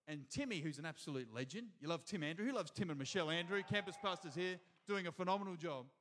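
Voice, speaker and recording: A man with an Australian accent preaching a sermon to a church congregation, energetic and calling out to the crowd. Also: fairly high pitch, fast talker. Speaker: pastor. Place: church hall before a congregation.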